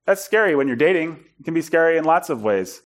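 Animated storytelling man preaching. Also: fairly high pitch, fast. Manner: animated, acts out quoted dialogue, self-deprecating humor. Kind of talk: storytelling sermon.

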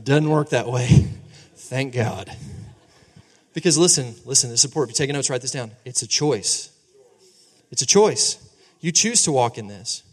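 Animated pastor preaching in an echoing hall. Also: male voice, mid-range voice, moderate pace, pauses often. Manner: animated, conversational, asks the crowd for agreement. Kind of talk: sermon. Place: church sanctuary. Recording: long reverb of a large hall.

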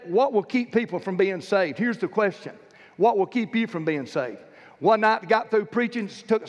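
A man's voice: very high-pitched, in a large hall, dull audio. A man preaching a sermon in a church, telling stories with emphatic, fervent delivery. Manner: storytelling, emphatic, rising to fervent peaks. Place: church sanctuary.

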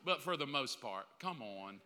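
A man's voice: mid-range voice, expressive, moderate pace, sharp tone. A man in his fifties, a pastor preaching a candid, joking sermon and acting out little scenes. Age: 50s. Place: large church hall. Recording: long hall reverb.

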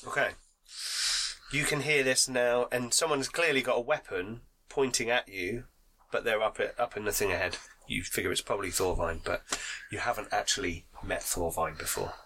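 A man's voice: lowish voice, fairly even intonation, moderate pace, sharp tone. A man running a tabletop role-playing game as game master, narrating the scene with hedging, descriptive phrasing. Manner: hedging, descriptive, full of "kind of".

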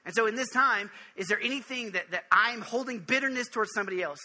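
A man giving an informal sermon on prayer, earnest and jokey, with quick restarts and direct questions to his listeners. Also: high voice, sharp tone. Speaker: preacher.

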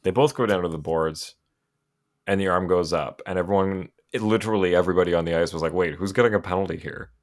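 A man hosting a casual hockey podcast, telling game stories and acting out players' reactions. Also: fast. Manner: animated storyteller, acts out players' reactions in high voices. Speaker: podcast host.

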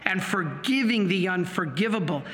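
A man, a priest, preaching a sermon in an earnest, animated way. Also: high voice, moderate pace. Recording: long hall reverb.

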